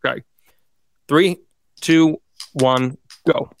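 A man's voice: fairly high pitch, extremely slow, creaky. A man co-hosting a podcast and running a true-or-false game, with upbeat, playful game-show patter on a studio mic. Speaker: podcast co-host and quiz master.

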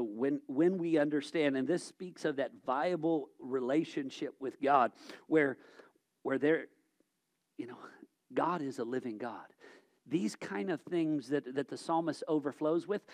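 A male preacher with a high-pitched voice delivers a sermon. He swings from loud, emphatic exhortation to quiet, reflective passages. He often stumbles and repeats words as he thinks aloud.

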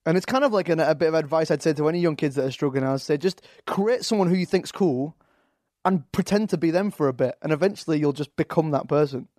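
A man's voice: on the high side, fast, a little mellow, dry recording, studio quality. A man with an English accent, a guest talking casually on a podcast, hesitant with fillers and restarts. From England. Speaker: actor guest.

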